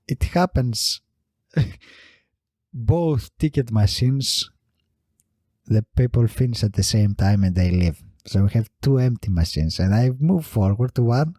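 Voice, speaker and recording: A man's voice: medium pitch, animated, slow, dark tone, dry recording, studio quality. A man hosting a solo comedy podcast, rambling through a funny story and laughing as he tells it. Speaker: podcast host.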